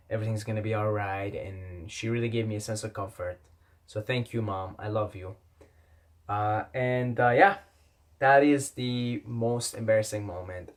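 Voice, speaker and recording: A young man whose first language is not English, telling a personal story in a rambling, repetitive way and swearing often. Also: on the low side. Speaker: vlogger. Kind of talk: casual storytelling.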